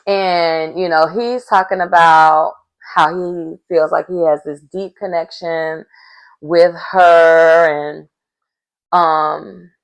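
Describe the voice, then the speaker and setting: A woman recaps a dating show in a relaxed, conversational vlog. Her voice carries a gravelly, fry-tinged edge, and she speaks at a slow, easy pace. She throws in sassy remarks aimed directly at her audience. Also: fairly low pitch. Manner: sassy, talks straight to viewers with asides. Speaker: reality show recap vlogger. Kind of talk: casual chatty episode recap.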